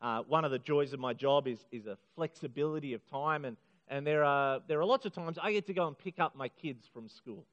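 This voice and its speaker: A middle-aged man preaching a sermon to a congregation, earnest and emphatic, slowing down on key phrases. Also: on the high side, a bit bright. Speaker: pastor. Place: church hall. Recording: muffled sound in a hall with long reverb.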